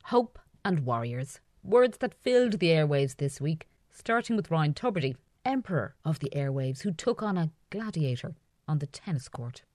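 A woman's voice: sits low, very animated, normal speed, a little mellow, dry recording, studio quality. A woman presenting a radio review show, reading wry scripted links.

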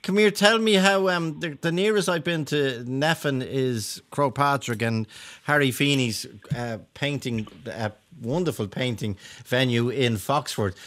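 A man's voice: mid-range voice, a little slow, few pauses, fairly bright tone. A man with an Irish accent hosting a radio show, chatting casually in a teasing, playful way. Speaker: radio host.

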